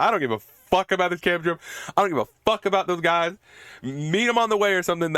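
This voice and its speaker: A man's voice: a little high, a bit bright, dry recording, studio quality. A man hosting a podcast, casually recapping a horror movie with frequent laughter and swearing, acting out the characters' lines. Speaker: podcast host reviewing a movie.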